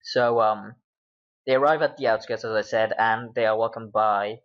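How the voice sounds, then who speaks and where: A man's voice: on the low side, steady tone, moderate pace. A man from Britain, a game master, casually recapping his tabletop sessions in a rambling way with plenty of fillers. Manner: rambling, with many fillers and laughs. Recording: dull lo-fi recording.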